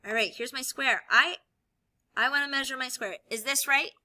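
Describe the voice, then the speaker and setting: A woman teacher explaining a lesson while she demonstrates with objects, upbeat and clear. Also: sits high, moderate pace, sharp tone. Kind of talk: classroom video lesson.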